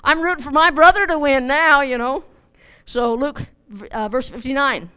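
A woman's voice: high-pitched, normal speed, pushed and bright. A middle-aged woman teaching a Bible study in a chatty, informal way, repeating words as she goes.

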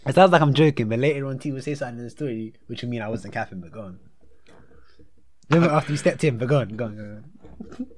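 A man's voice: medium pitch, fast talker, a little mellow. A young man, joking in slangy, playfully boastful podcast banter. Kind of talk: casual banter.

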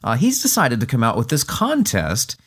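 A man's voice: medium pitch, huge pitch swings, normal speed, husky. A man hosting a podcast, chatting casually with lots of fillers while losing his voice. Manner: chatty, frequent fillers and restarts. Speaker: podcast host.

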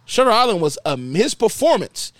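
Casual podcast co-host, male, high and animated, dry close mic. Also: no room sound. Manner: animated, teasing, drawn-out questions. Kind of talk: casual banter about movies.

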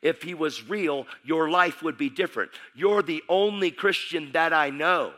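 A man's voice: on the high side, expressive, a little fast, pushed and bright. A man voicing a skeptical male friend who scoffingly argues against faith.

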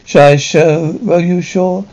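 A man's voice: high voice, steady tone, unhurried, darkish tone. A man voicing a kindly older shipowner who speaks to his sailor in an encouraging way. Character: kindly older male shipowner, generous employer. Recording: dull lo-fi recording.

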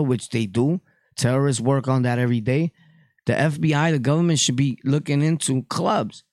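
A Puerto Rican man hosting a podcast talks in blunt, profane street language through a casual monologue. His medium-pitched voice is creaky and a little mellow, and the studio-quality recording is dry.

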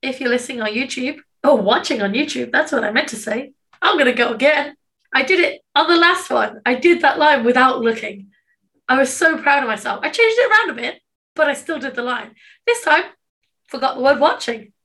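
A woman's voice: high-pitched, animated, fairly quick, fairly bright tone. A woman co-host in a casual podcast chat, self-mocking and joking, who swears casually.

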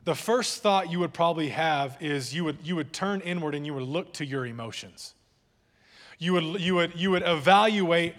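A man's voice: on the high side, normal speed, a bit bright, in a large hall. A male pastor preaching a sermon in a church, talking casually, repeating words and joking with his listeners. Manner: conversational preaching with repeated words and audience jokes. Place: church hall.

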